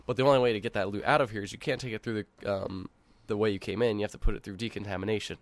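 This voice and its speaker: Fast-talking low-voiced man. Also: fairly even intonation, no echo. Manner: rambling, fast, acts out other players' voices. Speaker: podcast co-host. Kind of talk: casual chat over an online call.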